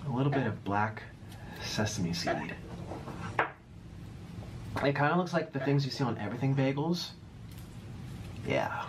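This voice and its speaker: A man's voice: medium pitch, lively intonation, measured pace, long pauses. A man chatting through an eating video, cooing and talking baby-talk to a pet. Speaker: mukbang eater. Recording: noisy clip played back.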